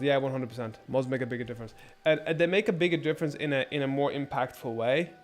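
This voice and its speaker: Sarcastic, rambling male streamer. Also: a little high. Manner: rambling, crude and sarcastic, many restarts. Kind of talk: casual gameplay commentary.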